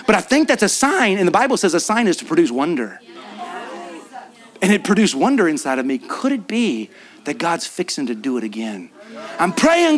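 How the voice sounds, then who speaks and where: A man preaching at a church conference, telling a story in an animated way and acting out what his friends said. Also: high voice, fairly quick. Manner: animated, acts out friends' lines. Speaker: guest preacher. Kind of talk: storytelling sermon. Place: church in front of a congregation.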